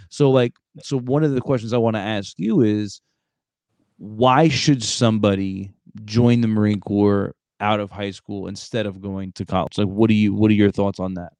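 A young man hosting a podcast, talking bluntly and casually with lots of fillers and quick asides. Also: lowish voice, fairly even intonation, darkish tone, dry recording. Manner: blunt, talks fast with many fillers and acted quotes. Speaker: podcast host, former Marine recruiter. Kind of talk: casual interview chat.

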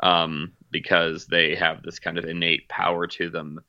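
A man's voice: sits low, monotone, unhurried, bright, forceful tone, no room sound, highs cut off. A man chatting casually about movies, rambling with lots of fillers and restarts. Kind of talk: casual chat.

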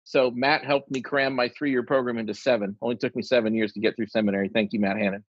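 A man with a husky voice tells a long funny story to friends, acting out each quoted line. His voice sits at a middling pitch. The recording is dull and dry. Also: quick pace, no echo. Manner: animated anecdote teller, acts out quoted lines.

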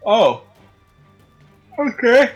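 A man playing a tabletop game, easygoing and playful, speaking haltingly with fillers. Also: very high voice, very animated, dull audio, faint music behind. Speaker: player. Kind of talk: casual tabletop game chat.

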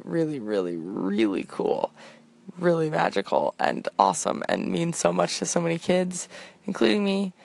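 A woman's voice: lowish voice, vocal fry, darkish tone. A young woman hosting a show, rambling through a comic voicemail in a chatty, self-deprecating way. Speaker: podcast host.

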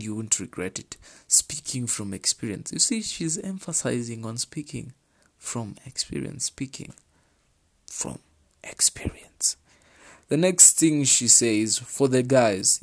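A man's voice: medium pitch, darkish tone. A man with a Kenyan accent, chatting casually as he reads out and comments on relationship advice. He repeats his points for emphasis and slips into Swahili slang. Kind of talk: casual chat reading out viewer advice.

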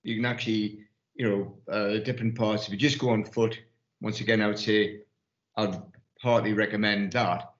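A man's voice: lowish voice, steady tone, normal speed, reverberant, dull audio. A man from Newcastle with a Geordie accent, telling rambling anecdotes as an investment firm partner in a casual panel discussion. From Newcastle, England. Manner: rambling anecdotes, many restarts.

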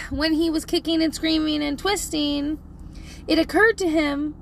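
A middle-aged woman telling a parenting story in a casual, animated, profane way, laughing often. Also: sits high, unhurried, a little hiss or hum.

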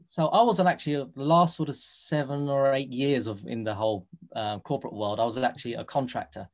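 A man in his thirties from England, with a London accent and a steady, mid-range voice, speaks fairly quickly as a guest on a casual podcast interview. He earnestly tells his story and acts out the dialogue he quotes.

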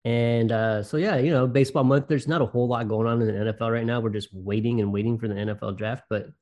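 A man hosting a football podcast, introducing the show and chatting in a relaxed, upbeat way. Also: medium pitch, fast talker. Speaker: podcast host. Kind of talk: casual chat.

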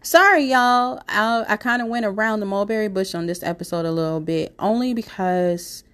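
A woman's voice: medium pitch, steady tone, fast, clear, resonant tone. A young woman hosting a solo podcast, stuffy from a cold, rambling conversationally with lots of "you know" and "like". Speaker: podcast host. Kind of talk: casual solo podcast talk.

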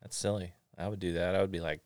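A man in his forties from Florida hosting a casual chat, telling stories in an animated, joking way. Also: sits low, quick pace, no echo. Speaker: podcast host.

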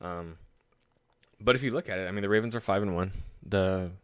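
A man hosting a casual solo sports talk show, excitable, swearing freely and laughing at his own stories. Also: low-pitched, a little fast, clear, resonant tone, no room sound, clean studio sound. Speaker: sports podcast host.

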